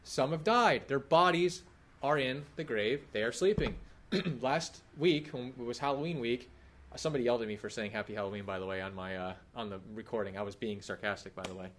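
A man's voice: mid-range voice, fairly quick. A man in his thirties preaching a sermon, talking casually and asking the congregation questions. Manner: conversational, animated, asks the congregation questions. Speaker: pastor. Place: church hall.

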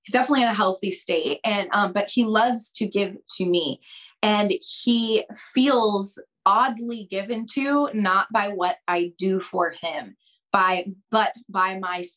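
A young adult woman on a podcast, giving dating advice in an animated, expressive way and acting out quoted conversations. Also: medium pitch, a little slow. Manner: expressive, acts out quoted dialogue, addresses listeners as girls. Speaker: podcast guest, dating coach.

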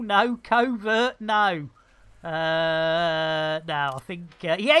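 A woman's voice: medium pitch, bright, forceful tone. A woman streaming a space game live, chatting to herself in a jokey way full of playful slang and muttered asides. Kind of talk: live gameplay commentary.

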